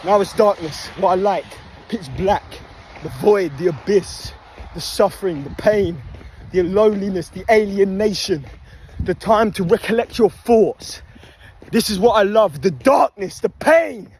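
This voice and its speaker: It's night by a motorway, and a young fitness vlogger is jogging with his phone, panting through a profane, preachy pep talk. He speaks a little slowly in a high, darkish voice, with slight background noise.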